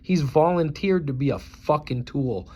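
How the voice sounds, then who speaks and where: A man's voice: fairly high pitch, animated, unhurried, a little mellow, lo-fi sound. A man in his forties from the United States, ranting in a profane, scornful and combative vlog monologue. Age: 40s. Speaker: YouTuber.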